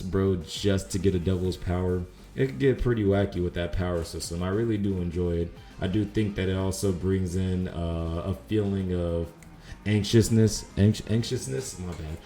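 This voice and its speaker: A man's voice: deep voice, warm tone, echoey room. A man casually reviewing an anime in a laid-back, slangy, rambling way with lots of fillers. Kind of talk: casual video commentary.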